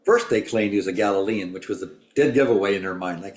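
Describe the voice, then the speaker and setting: A man's voice: on the low side, fast talker. Reflective man in a roomy church class. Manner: reflective, explains with homespun examples. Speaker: class participant. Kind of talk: group Bible discussion.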